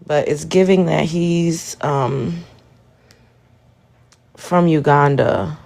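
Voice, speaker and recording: A woman's voice: low-pitched, very slow, vocal fry, darkish tone. Woman, live stream host, exasperated, talks to her chat, casual commentary. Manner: exasperated, addresses chat directly.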